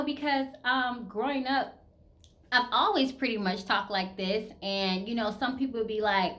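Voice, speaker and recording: A woman's voice: on the high side, unhurried, a bit bright. Chatty Southern woman in her thirties. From American South. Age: 30s. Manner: candid, chatty, full of fillers like "you know" and "like". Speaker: vlogger. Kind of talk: casual personal chat to camera.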